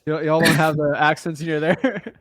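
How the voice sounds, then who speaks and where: A young man from the United States giving casual, slangy coaching advice on a call, thinking out loud as he looks things up. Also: fairly high pitch, steady tone, moderate pace, dry recording, clean studio sound. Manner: laid-back, slangy, talks through what he looks up. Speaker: real estate wholesaling coach.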